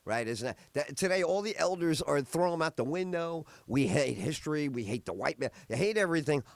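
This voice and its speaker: A man's voice: fairly high pitch, lively intonation, fairly quick, creaky, dry recording. A middle-aged man hosting a podcast, telling rambling stories in a casual chat with many fillers. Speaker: podcast host.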